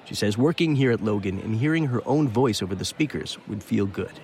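A man's voice: lowish voice, a little hiss or hum. A man reporting a scripted radio news story, introducing the people he interviewed. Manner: measured, lively intonation with names and places.

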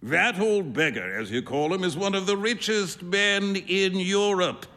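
A man's voice: high voice, a little slow, sharp tone, heavily acted. A man voicing a jovial young painter who teases his friend with hearty laughter. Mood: amused. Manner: hearty, laughing, mock-French asides. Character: jovial, teasing male painter, young adult.

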